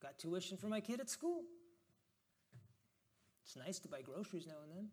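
High-voiced man preaching casually. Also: very animated, moderate pace, a little mellow, slight background noise. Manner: reflective, conversational, reads scripture with rising emphasis. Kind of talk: informal sermon with scripture reading.

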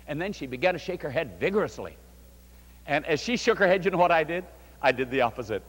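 An older man, a pastor, preaching a sermon and telling a story with fervent rises and quiet drops. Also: sing-song, fast. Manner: fervent preaching, voice swelling and dropping low. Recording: long hall reverb.

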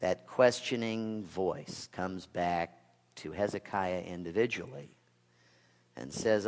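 A male pastor delivering a sermon, with rhetorical questions and dry asides, swinging from loud to hushed. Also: low voice, takes it slowly. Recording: long reverb of a large hall.

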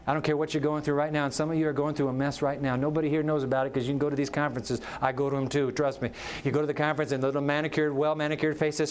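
A male pastor preaching a sermon. He tells stories animatedly and drops to soft, slow words for emphasis. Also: a little high.

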